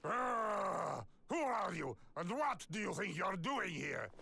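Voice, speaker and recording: An actor voicing a flustered, indignant male officer in a game, stammering and gravelly. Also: high voice, big pitch swings, takes it slowly, pushed and bright, slight background noise, full character voice.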